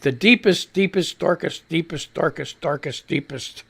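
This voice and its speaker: A middle-aged man hosts a casual live show, his voice gravelly and a little rough at the edges. He rambles, circles back on his own words and lets sentences trail off, with a sarcastic edge. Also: a little high, normal speed, a bit bright. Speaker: radio show host. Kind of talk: casual chat reading comments aloud.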